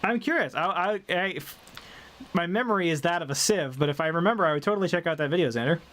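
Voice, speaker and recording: A man's voice: fairly high pitch, expressive, quick pace, fairly bright tone, slight background noise. A man live-streaming a game, chatting casually with viewers in a playful, rambling way and laughing often, with a faint Southern drawl. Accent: light Southern drawl, mostly faded. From American South.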